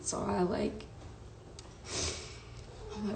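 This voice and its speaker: Young woman, low gravelly voice, emotional storytime, echoey room w faint hiss. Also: steady tone, measured pace, pauses often, dark tone. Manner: casual slangy retelling, quotes herself and him. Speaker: content creator telling her story.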